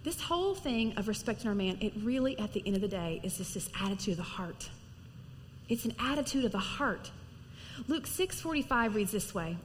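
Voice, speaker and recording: A middle-aged woman preaching to women in a lively, conversational sermon, acting out little stories as she goes. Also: fairly high pitch, fairly quick, big-room sound, slight background noise. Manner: lively, animated storytelling with acted-out quotes. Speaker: women's ministry speaker.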